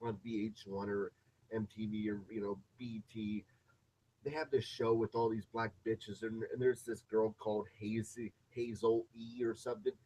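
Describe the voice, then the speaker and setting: A man's voice: lowish voice, level tone, normal speed, dark tone, a little hiss or hum, rough recording. A man ranting casually in a rambling, profane, off-the-cuff way. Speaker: vlogger.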